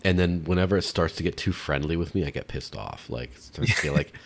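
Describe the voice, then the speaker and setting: Deep-voiced male podcast co-host, blunt and irreverent, casual and a bit exasperated. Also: fast, noisy background. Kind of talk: casual chat.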